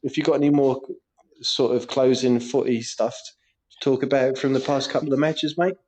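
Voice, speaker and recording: A man co-hosting a casual football podcast, telling animated stories with lots of laughter and swearing. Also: medium pitch, normal speed, slightly rough. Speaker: podcast co-host; primary school teacher.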